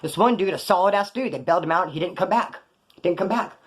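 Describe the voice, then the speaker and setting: His fast voice sits high as he looks back on his prison days. The talk is loose street slang with plenty of cursing, and he rambles, digresses and backs up to correct himself along the way.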